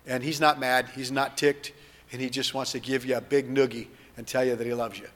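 Pastor guy praying out loud, goes quiet then fired up, big hall echo. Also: medium pitch, little pitch movement, brisk. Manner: earnest, leads a prayer for listeners to repeat, swings from hushed to fervent. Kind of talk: sermon with spoken prayer.

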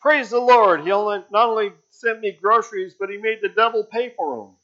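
A man voicing a loud, joyful elderly churchgoing woman who shouts her praise in drawn-out words, on a dull lo-fi recording. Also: mid-range voice, expressive, natural voice. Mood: jubilant.

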